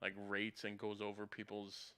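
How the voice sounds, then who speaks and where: Smooth bright man rambling casually. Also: lowish voice, monotone, moderate pace. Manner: rambling, goes off on tangents, many restarts. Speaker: podcast co-host. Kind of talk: casual movie review chat.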